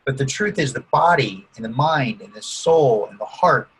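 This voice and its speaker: Husky guy coaching people through a calm visualization, keeps saying okay? right?. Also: mid-range voice, moderate pace, rough recording. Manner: calm, guiding, often checks in with "okay?" and "right?". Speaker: guest coach using neurolinguistic programming. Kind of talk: guided visualization during an interview.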